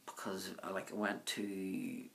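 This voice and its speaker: A man's voice: deep voice, little pitch movement, unhurried, vocal fry, a bit bright, slight background noise. A man vlogger answering viewer questions in a casual, rambling monologue full of filler words. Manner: rambling, full of "um", "you know" and "like".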